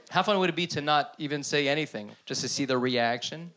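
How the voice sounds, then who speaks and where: A man doing stand-up on a club stage, his voice sitting a little high and turning animated as he acts out the people in his stories. He talks into a handheld stage mic, and the live room carries clear audience noise under him. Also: a little fast, hardly any pauses. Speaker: stand-up comedian. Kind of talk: stand-up comedy set.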